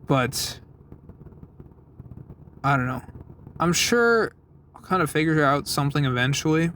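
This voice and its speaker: A man's voice: a little high, animated, a little slow, a bit bright, a little hiss or hum. A young man rambling through a casual, self-deprecating vlog from his car, recorded on a phone. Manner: rambling, self-deprecating, lots of fillers and swearing. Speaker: vlogger. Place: parked car.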